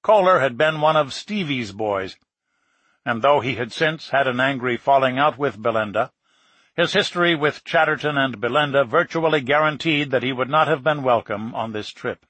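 A man reading a nonfiction book aloud in a steady, measured narration. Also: medium pitch, dry recording. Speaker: audiobook narrator. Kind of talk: scripted narration.

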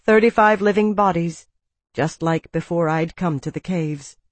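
A narrator reading a first-person novel aloud in a quiet, somber storytelling manner. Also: mid-range voice, unhurried, no room sound. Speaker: audiobook narrator.

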